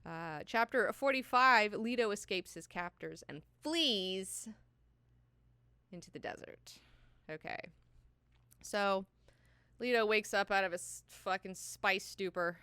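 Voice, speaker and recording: Bright, crisp-voiced woman hosting a book club. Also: medium pitch, slow pace, long pauses, dry recording. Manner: profane, animated retelling with slangy paraphrased dialogue. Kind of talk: casual book-club recap.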